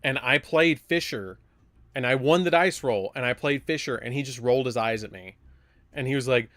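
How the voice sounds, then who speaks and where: Man, live card-game streamer, casual rambling chat, sudden surprised outbursts, dry room, mid pitch. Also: fairly quick, a bit bright, no room sound. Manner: rambling, chatty, bursts of surprised exclamation.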